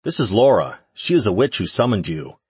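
A man's voice: lowish voice, very animated, brisk, darkish tone, breathy edge, dry recording, exaggerated voice. A man playing an eager scheming summoner. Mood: earnest.

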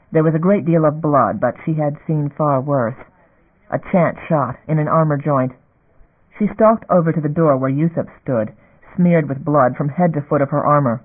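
Audiobook narrator, man, steady measured reading, fairly high voice, phone-like sound. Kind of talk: scripted narration. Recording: phone-like narrow band.

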